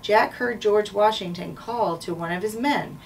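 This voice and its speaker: A woman school administrator reading a children's chapter book aloud in a steady, clear way. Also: mid-range voice, measured pace. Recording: distant mic, faint noise.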